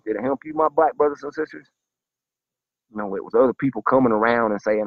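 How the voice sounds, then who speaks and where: A man's voice: medium pitch, fairly quick, gravelly, dry recording, narrow, tinny audio. Fired-up profane man ranting. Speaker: vlogger. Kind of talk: impassioned monologue to camera.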